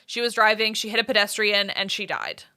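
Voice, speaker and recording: A woman co-hosting a podcast, chatting casually through a TV episode recap with quick asides. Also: mid-range voice, bright, forceful tone, smooth. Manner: chatty, quick asides, laughs between points. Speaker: podcast co-host.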